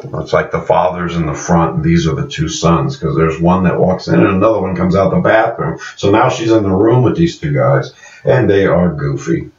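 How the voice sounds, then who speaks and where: A low-voiced man gives a loose, rambling recap of a TV episode and keeps fixing the character names as he goes. He sits some way back from the mic in an echoey room, and the recording sounds dull and muffled. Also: normal speed, a little mellow, distant mic. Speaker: show reviewer.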